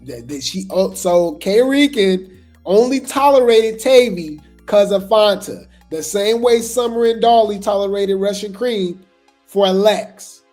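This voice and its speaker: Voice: medium pitch, lively intonation, measured pace, a little mellow, soft background music. A host giving casual gossip commentary, chatty and trailing off with repeated asides.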